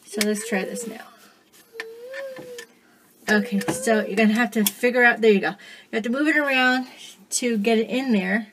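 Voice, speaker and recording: A chatty woman with a high voice records a casual how-to vlog in her home kitchen, holding an iPad in one hand. She talks freely and breaks into loud, excited cheers. Clear background noise runs under the recording. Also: normal speed, long pauses. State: out of breath. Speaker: home DIY vlogger and mother. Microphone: iPad held in one hand.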